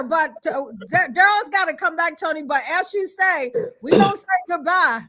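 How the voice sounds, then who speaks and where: A woman's voice: extremely high pitch, moderate pace, sharp tone. A woman co-hosting a sports talk show, bantering and teasing her guests. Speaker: co-host. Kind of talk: casual studio chat.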